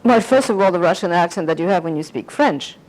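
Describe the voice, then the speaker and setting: A woman's voice: fairly low pitch, animated, fast talker, a little mellow, rough recording. An older woman being interviewed, reminiscing in a rambling way and slipping into French phrases. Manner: rambling, anecdotal, slips into French.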